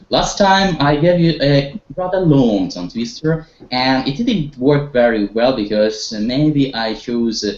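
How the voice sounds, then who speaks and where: A man with a mid-range, slightly mellow voice teaches an online group English lesson, encouraging his students and guiding them with questions, hesitating at times. The audio is echoey and dull, like an online call.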